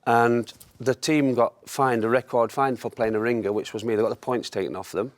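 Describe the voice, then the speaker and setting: A man, a former footballer telling anecdotes in lively chat, often laughing at his own stories. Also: mid-range voice, brisk, no room sound.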